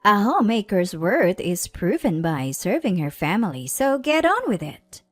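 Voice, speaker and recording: A woman's voice: medium pitch, sing-song, moderate pace, faint music behind. A woman voicing a bossy, overbearing mother-in-law who gives curt orders. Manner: curt, commanding.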